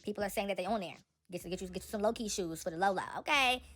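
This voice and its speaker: A young woman giving casual, animated celebrity gossip commentary, talking straight to her viewers. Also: mid-range voice, fast talker.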